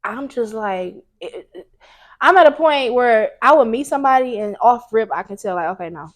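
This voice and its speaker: Woman, young adult, podcast host, higher pitch, animated, casual chat. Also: moderate pace. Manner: animated storytelling, acting out quotes.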